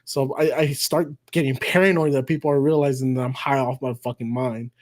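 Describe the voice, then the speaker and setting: A man's voice: medium pitch, steady tone, fairly quick, darkish tone. A man hosting a live stream, telling a story in a casual, profane, rambling way and laughing at himself. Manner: profane and rambling, with frequent swearing and restarts; self-mocking, laughs at his own story.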